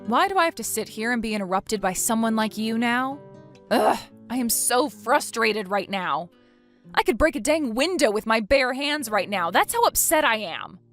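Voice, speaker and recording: A woman's voice: on the high side, animated, fairly quick, few pauses, soft background music. A woman voicing a fed-up young wife who works from home, snapping back in exasperation, in a text-story dramatization. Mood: exasperated. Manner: exasperated, angry, sharp retorts.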